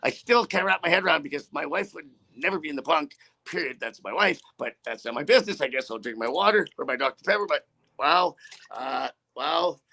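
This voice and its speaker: A man's voice: fairly high pitch, lively intonation, a little fast, gravelly, pushed and bright. A man, a trucker, ranting casually with rambling, profane indignation. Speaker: trucker guest. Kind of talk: casual rant.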